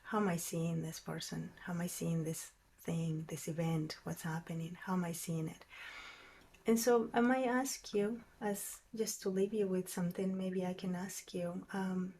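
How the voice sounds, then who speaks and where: A woman teaching a meditation class, who talks in a soft, musing way and often drops to a near whisper. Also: on the low side, steady tone, moderate pace, slight background noise. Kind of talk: reflective class talk.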